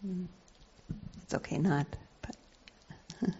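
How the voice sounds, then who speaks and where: A soft-voiced woman leading a reflective group sharing, speaking thoughtfully with many pauses and fillers, on a muffled lo-fi recording. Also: lowish voice, steady tone, breathy edge. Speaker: group facilitator.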